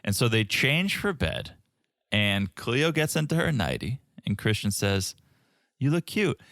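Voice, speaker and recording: Animated man recapping a show. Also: fairly low pitch, unhurried, creaky, no room sound, studio quality. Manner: animated, playful storytelling. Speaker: podcast co-host. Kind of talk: casual reality-TV recap chat.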